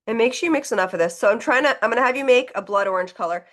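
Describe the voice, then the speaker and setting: A woman's voice: a little high, animated, very fast, a bit bright. Chatty woman teaching a painting class. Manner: chatty, encouraging, talks while demonstrating. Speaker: painting instructor. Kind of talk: live online painting class.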